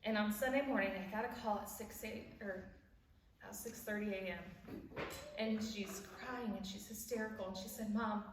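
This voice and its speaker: With a mid-range voice, fairly even intonation and moderate pace, a woman in her forties tells a warm personal story carrying a devotional message at a church event. She laughs at her own stories and acts out quoted voices, recorded far away in an echoey hall with background noise.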